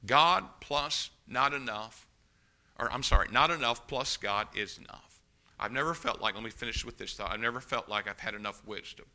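An older man preaching a sermon as pastor, telling homey stories and building to loud, emphatic appeals. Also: medium pitch, moderate pace. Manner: folksy storytelling, rising to loud emphatic preaching.

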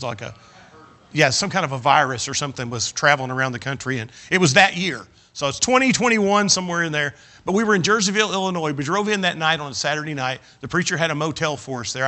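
Older preacher, folksy self-mocking storyteller, slightly high, sharp-toned voice. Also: male voice. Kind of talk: sermon with humorous personal anecdote.

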